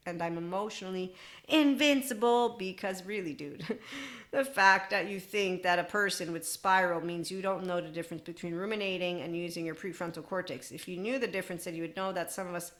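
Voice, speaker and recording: Rambling woman podcast host, lowish voice. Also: fairly even intonation, fairly quick, fairly bright tone. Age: 40s. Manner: rambling, irreverent, laughing asides. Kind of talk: solo spiritual self-help monologue.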